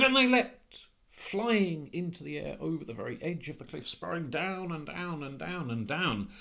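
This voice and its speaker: A man telling a folk tale live at a convention, with dramatic delivery that swings between slow and hurried. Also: fairly high pitch, animated, vocal fry, pushed and bright. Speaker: storyteller. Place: convention room.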